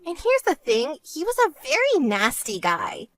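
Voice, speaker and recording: A woman voicing a vain, self-centered young woman who talks in a smug, whiny way and turns shrill when angry, in an animated story. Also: a little slow, no room sound, faint music behind, full character voice. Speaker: bride-to-be sister.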